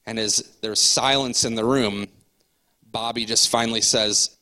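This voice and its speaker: Male pastor, easygoing conversational sermon, bright tone. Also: mid-range voice, steady tone, measured pace, rough recording. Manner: conversational preaching with fillers and repeated words.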